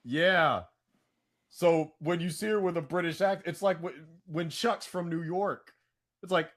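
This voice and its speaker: A man co-hosting a casual pop-culture podcast, chatty and prone to loud bursts of hype. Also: on the high side, measured pace. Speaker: podcast co-host.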